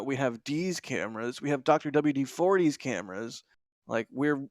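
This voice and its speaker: A man hosting a live rocket launch stream, chatting excitedly with his co-hosts. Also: medium pitch, no room sound, clean studio sound. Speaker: livestream host.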